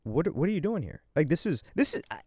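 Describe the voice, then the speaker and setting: A man giving rambling, slangy reaction commentary in an animated way. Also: a little high, fast, husky, dry recording, clean studio sound. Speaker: streamer commentator.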